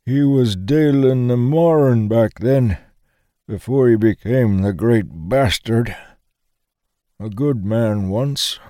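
A worn-out, toothless old man, voiced by a male audiobook narrator who slurs his words slowly. His voice sits noticeably higher than the reader's own low tone, and the recording is close and dry. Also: mellow, no echo, natural voice. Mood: weary. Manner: slow slurred old man's speech.

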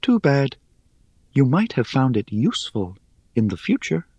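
A small, airy female spider, high above the man's own voice, who teases and lectures with lofty wit. Her delivery is lilting and dry, a storybook creature who is never in a hurry. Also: wildly swooping pitch, warm tone, breathy edge, no room sound, highs cut off, exaggerated voice. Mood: wry. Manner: teasing, unhurried, superior. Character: tiny white spider, female, ancient, wry and hungry.

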